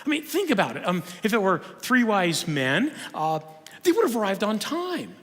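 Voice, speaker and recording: A man giving a humorous conference lecture in a church auditorium, telling stories in an animated way with frequent restarts. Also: high voice, moderate pace. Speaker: conference speaker. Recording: long reverb of a church hall.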